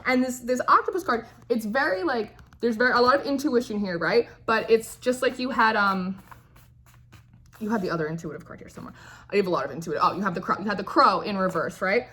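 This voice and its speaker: A woman's voice: medium pitch, fast, bright, forceful tone, a little hiss or hum. A young woman giving a casual, chatty tarot reading, often checking in with "right?" and laughing. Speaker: tarot reader.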